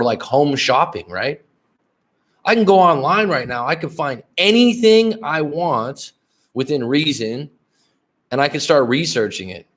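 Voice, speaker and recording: A man's voice: medium pitch, a bit bright. Blunt, profane man livestreaming. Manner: blunt, profane, rambling with restarts; talks straight to chat viewers by name. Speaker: dating and life coach. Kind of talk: casual livestream talk.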